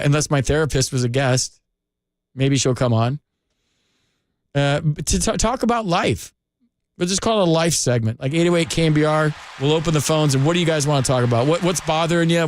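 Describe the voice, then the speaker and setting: A man's voice: a little high, brisk, dry recording. A man hosting a late-night sports call-in radio show, talking in an earnest, rambling, heartfelt way from a studio microphone.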